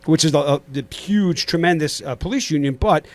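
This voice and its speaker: A man's voice: on the high side, fairly quick. Chatty New York man hosting a podcast. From Queens, New York. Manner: rambling, many fillers and restarts. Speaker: podcast host. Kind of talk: casual studio interview.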